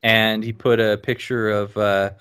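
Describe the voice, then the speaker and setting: A man on a casual podcast, telling stories animatedly with lots of ums and sudden high-pitched laughter. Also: level tone, measured pace, a bit bright, clean tone. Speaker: podcast guest.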